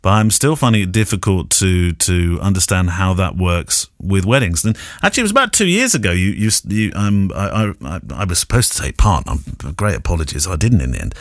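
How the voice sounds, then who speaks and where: A man's voice: deep voice, very animated, fairly quick, few pauses, no room sound, studio quality. A man hosting a podcast, chatty and joking, laughing often with his guests. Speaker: podcast host. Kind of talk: casual podcast chat.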